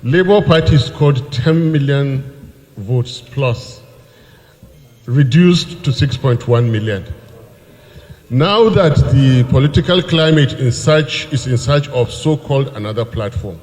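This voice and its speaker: Rousing politician in a hall. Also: male voice, medium pitch, lively intonation, takes it slowly, a little mellow. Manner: rhetorical, answers his own questions, pleading. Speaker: politician addressing a party meeting. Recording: hall with long reverb.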